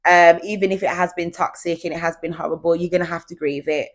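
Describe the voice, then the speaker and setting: Young woman, low-pitched, solo podcast host, casual and confiding. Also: little pitch movement, fast talker. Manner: chatty and confiding, talks straight to listeners. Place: at home, indoors.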